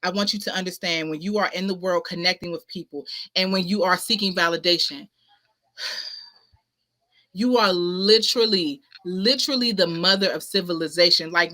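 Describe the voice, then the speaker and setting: A woman's voice: mid-range voice, sharp tone. A woman hosting a spiritual talk stream, preaching self-worth emphatically with slang and repetition, speaking indoors at her home streaming setup. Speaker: host of a spiritual talk show. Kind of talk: casual motivational livestream talk. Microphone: ring light setup, webcam-style stream.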